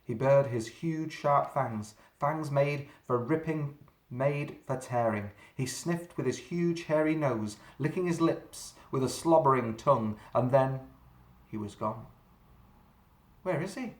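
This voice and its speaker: A man reading a children's story aloud, dramatic and slowing down for suspense. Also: medium pitch. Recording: roomy echo.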